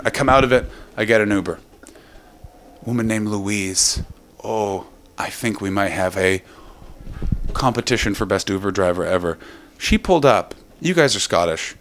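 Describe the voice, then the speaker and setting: A man doing stand-up comedy, telling rambling stories and breaking into animated quoted voices. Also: mid-range voice, slight background noise. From Canada. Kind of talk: stand-up storytelling.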